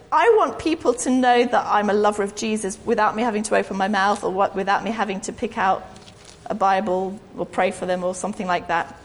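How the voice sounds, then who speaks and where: A woman giving an informal, rambling, self-deprecating sermon in a church hall. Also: medium pitch. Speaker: preacher. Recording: echoey hall.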